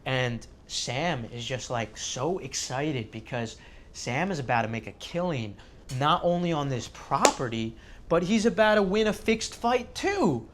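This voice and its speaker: A man hosting a casual video who tells a story in an animated way, full of fillers. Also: fairly high pitch, a little slow, a little hiss or hum. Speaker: host.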